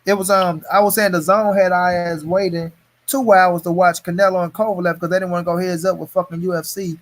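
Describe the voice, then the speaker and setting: Guy hosting a boxing stream, high voice, cussing up a storm, heated. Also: flat delivery, brisk. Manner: profane, heated ranting. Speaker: host of a boxing talk stream. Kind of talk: casual live-stream boxing chat.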